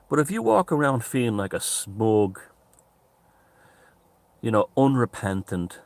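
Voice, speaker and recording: A man with an Irish accent talking to camera in a rambling, animated monologue, swearing freely. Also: sits low. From Ireland. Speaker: commentator. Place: outdoors near mountains.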